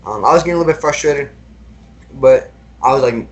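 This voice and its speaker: A man's voice: medium pitch, fast, a little hiss or hum. A young man recounting personal experiences as a podcast guest, talking casually with lots of fillers and repeated words.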